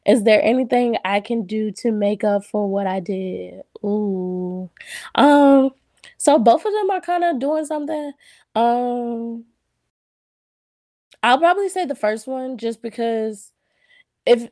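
Chatty young woman, dark mellow voice. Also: medium pitch, dry recording, studio quality. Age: young adult. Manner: chatty, animated, frequent "like" and "y'all", laughs often. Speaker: podcast host. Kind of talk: casual solo talk.

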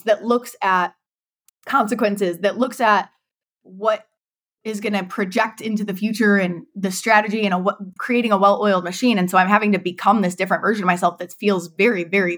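A woman's voice: mid-range voice, fairly bright tone. A woman in her thirties, a guest on a podcast, talking candidly about her business and laughing often. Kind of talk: casual interview chat.

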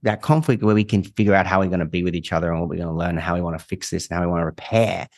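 A man with a fairly low voice speaks as a therapist guest in a relaxed podcast chat. He talks candidly, swears casually and has a dry, sarcastic edge. The sound is close and dry, with no room in it. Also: rapid-fire, no room sound.

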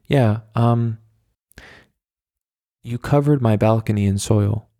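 A man's voice: on the low side, takes it slowly, mellow, no echo, clean studio sound. A man quoting a passive-aggressive neighbor woman. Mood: deadpan.

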